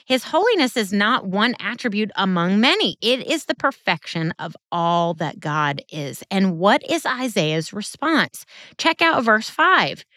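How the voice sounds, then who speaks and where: A woman's voice: medium pitch, big pitch swings, unhurried, bright, forceful tone, dry recording, studio quality. A woman giving a Bible teaching sermon in an earnest, conversational way with emphatic turns.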